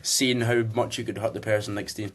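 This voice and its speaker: A man's voice: on the low side, little pitch movement, fast talker. A young Scottish man telling rambling stories in casual podcast chat, swearing freely. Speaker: podcast co-host.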